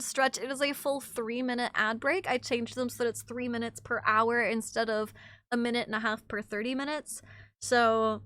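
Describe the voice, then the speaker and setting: A woman streamer with a high, bright voice chats easily with her audience. She reads messages aloud, swears freely, and sounds a touch under the weather. Her voice is recorded dry and close on a desk mic. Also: no echo. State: a bit sick. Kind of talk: casual live-stream chat.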